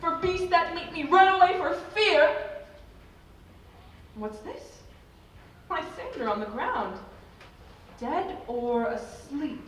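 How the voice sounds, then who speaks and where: A woman's voice: high voice, expressive, takes it slowly, pauses often, a bit bright, slight background noise, heavily acted. A woman playing a lovesick, self-pitying young woman in a live school stage play, with a plaintive, pleading delivery. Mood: forlorn. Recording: echoey hall from far off.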